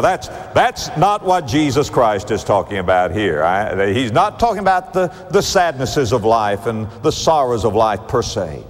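A man preaching to a congregation, his voice sweeping from high to low with lively pitch. He delivers the sermon emphatically and rhythmically, drawing out key phrases. Long reverb from a large church hall trails each line.

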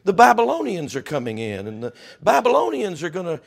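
A man's voice: high-pitched, wildly swooping pitch, a little fast, gravelly. A man preaching a fervent sermon. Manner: fervent, builds to loud climaxes.

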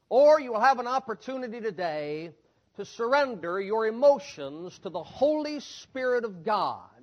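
A man's voice: high voice, a bit bright, dull audio. A man preaching a sermon in an emphatic, repetitive cadence that builds through lists and rhetorical questions.

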